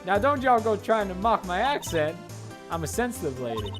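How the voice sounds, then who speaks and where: Man doing a loud southern gal. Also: high-pitched, very animated, moderate pace, music in the background, pitched above the performer's own voice. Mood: brash. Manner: folksy, loud, sassy. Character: brash southern woman photographer, loud.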